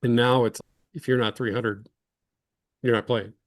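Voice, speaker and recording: A man's voice: mid-range voice, fairly even intonation, unhurried, no echo. A man in his fifties from Illinois, a former football lineman telling rambling, self-deprecating stories as an interview guest. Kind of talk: casual interview storytelling.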